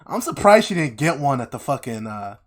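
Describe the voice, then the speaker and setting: A man's voice: mid-range voice, fairly quick, crowd noise. Laughing, profane young man. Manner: profane, laughs often, animated retelling. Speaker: podcast co-host. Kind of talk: casual chat.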